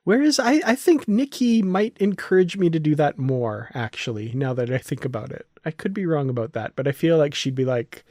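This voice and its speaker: A man's voice: on the high side, expressive, a little fast, few pauses, darkish tone, dry recording, clean studio sound. A man hosting a podcast in casual chat, often laughing and restarting his sentences. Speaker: podcast host.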